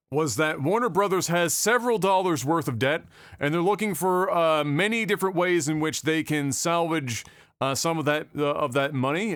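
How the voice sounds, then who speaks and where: A man co-hosting a casual podcast, talking in an animated, profane, rambling way with lots of fillers. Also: on the high side, clean tone, dry recording, studio quality. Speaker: podcast co-host.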